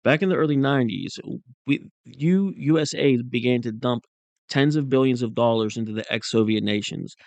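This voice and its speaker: A man's voice: mid-range voice, moderate pace, a little mellow, dry recording. A man hosting casual political commentary, rambling and insistent in a conspiratorial tone.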